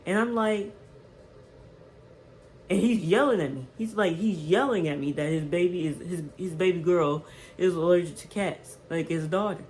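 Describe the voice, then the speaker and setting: A woman around twenty telling a storytime on her vlog, animated and chatty, checking in with "right?" as she goes. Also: on the low side, moderate pace, slight background noise, poor audio. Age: 20s. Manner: animated, repeats "right?" to the viewer. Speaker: vlogger.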